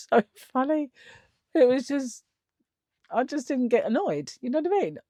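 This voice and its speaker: A woman's voice: high-pitched, big pitch swings, a little slow, long pauses, dark tone, no room sound, studio quality. A middle-aged woman telling a story in a casual vlog, chatty and laughing often, acting out the other people in it. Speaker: vlogger.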